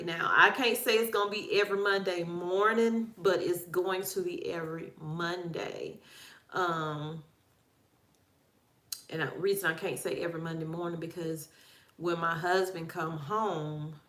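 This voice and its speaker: A woman with a Southern country accent hosts a casual livestream, chatting and greeting her viewers one by one. Her voice is fairly low-pitched with a fairly bright tone, and the room sounds echoey.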